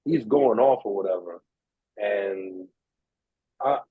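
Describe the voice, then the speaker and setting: Speaking slowly in a lowish, husky voice, a young New York man tells a casual story as a podcast co-host. He's animated, performs the quoted voices and swears freely, while the audio stays tinny, dry and narrow-band.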